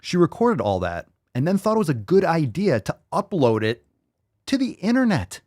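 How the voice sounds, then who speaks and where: A man's voice: fairly high pitch, huge pitch swings, normal speed, darkish tone, dry recording, clean studio sound. A man hosting a podcast, ranting casually with heavy swearing and repeating phrases for emphasis. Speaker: podcast host.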